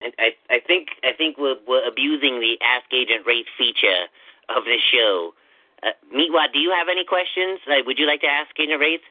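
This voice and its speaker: A man hosting a comedy podcast in character as a ghost agent, rambling with halting restarts. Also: mid-range voice, no room sound. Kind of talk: comedic improv chat. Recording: dry tinny phone-like line.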